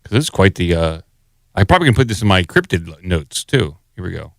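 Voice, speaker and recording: In a dry, studio-quality recording, a man with a deep, creaky voice talks quickly with big pitch swings. As a podcast host, he rambles through casual chat while playing clips and fiddling with the sound board.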